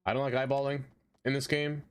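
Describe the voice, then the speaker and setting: A man's voice: medium pitch, little pitch movement, fairly quick, clear, resonant tone. A young man from Brooklyn, rambling and joking as he reads chat on a casual gaming stream. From Brooklyn, New York.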